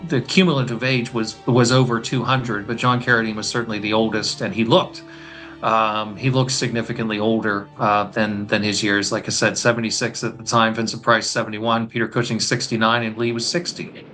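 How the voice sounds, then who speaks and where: A man guesting on a film podcast, talking knowledgeably in a measured way with hesitant fillers. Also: on the low side, level tone, sharp tone, soft background music. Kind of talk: casual film discussion.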